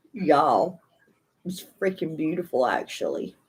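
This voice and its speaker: Slow-talking sassy woman tarot reader. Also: low voice, a bit bright, slightly rough, low-quality recording. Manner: sassy, emphatic, laughs often. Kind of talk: casual spiritual tarot reading.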